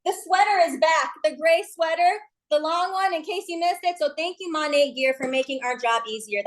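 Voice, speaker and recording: A woman's voice: high voice, poor audio. A woman leading a sales team call, giving a gushing, pushy motivational pep talk. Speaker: MLM team leader on a team call.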